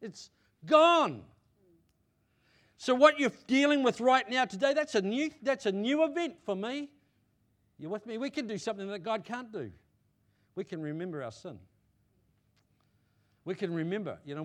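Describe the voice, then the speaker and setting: His voice is high and expressive at normal speed, with long pauses, as this pastor delivers a sermon in church. He alternates loud, emphatic declarations with quiet asides, repeats himself often, and keeps checking that the congregation is following.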